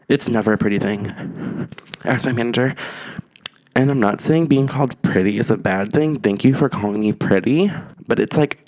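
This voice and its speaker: Low-voiced man in whispered role-play. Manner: soft whispery retelling of a storytime in the first person. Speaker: YouTuber.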